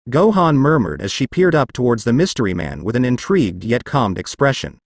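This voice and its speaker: A man narrating a fan fiction story with an expressive, dramatic reading. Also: medium pitch, brisk, few pauses, no echo.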